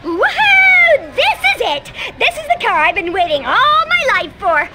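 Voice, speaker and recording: A woman's voice: very high voice, big pitch swings, moderate pace, very noisy. An actress playing a folksy, rowdy female possum racer with a drawl, in a video game cutscene. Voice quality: twangy hick drawl.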